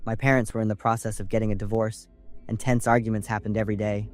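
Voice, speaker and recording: A young man from California calmly narrating a scripted first-person horror story. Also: lowish voice, fast. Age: young adult. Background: faint music.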